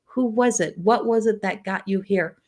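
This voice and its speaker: A woman in her fifties, a psychic medium, talking gently and encouragingly on a live stream and laughing often. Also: medium pitch, moderate pace. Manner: tells family anecdotes with mimicked voices. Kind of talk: live-stream spiritual talk.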